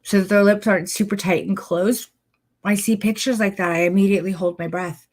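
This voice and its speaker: A woman's voice: medium pitch, fairly even intonation, brisk, darkish tone. A woman teaching an online photography masterclass, coaching her viewers directly and demonstrating as she explains. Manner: encouraging, addresses viewers directly. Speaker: photography posing instructor.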